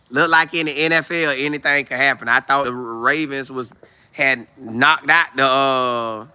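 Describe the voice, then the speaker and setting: A man hosting a live stream, casually talking football in an animated, slangy way and answering viewer comments. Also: a little high. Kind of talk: casual sports chat, reading viewer comments.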